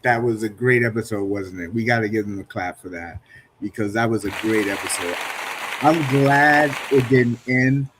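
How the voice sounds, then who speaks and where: Laid-back low-voiced man chatting. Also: steady tone, brisk, noisy background. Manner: laid-back, laughs easily, self-deprecating. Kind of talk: casual live-stream chat.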